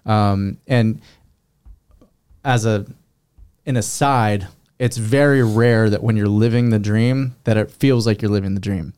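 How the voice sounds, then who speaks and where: A man's voice: on the low side, fairly even intonation, a little slow, darkish tone, clear, resonant tone. A man hosting a casual interview, chatty and reflective, leaning on fillers as he talks. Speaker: podcast host.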